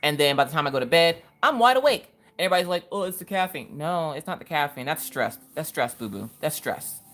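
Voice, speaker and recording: A woman's voice: sits low, animated, fairly quick, a bit bright. A woman in her thirties hosting a casual livestream, telling stories and greeting viewers by name. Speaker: livestream host.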